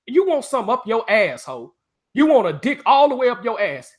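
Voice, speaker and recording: Lively, taunting man ranting. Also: very high voice, normal speed. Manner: profane, taunting rant at a viewer. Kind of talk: casual live-stream talk.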